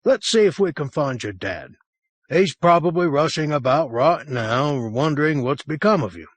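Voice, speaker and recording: A man's voice: a little high, lively intonation, normal speed, no room sound, voice pushed up. A man reading an audiobook, playing a big, tired police sergeant who talks with dry, patient teasing. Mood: weary.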